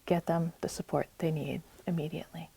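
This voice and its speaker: Woman presenter, New England accent, mellow low voice, earnest advice to an audience, dry sound. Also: flat delivery, a little fast, gravelly, slightly rough, no echo. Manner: earnest, reassuring, gives direct advice. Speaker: community health presenter. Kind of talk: public talk to an audience. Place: public library meeting room.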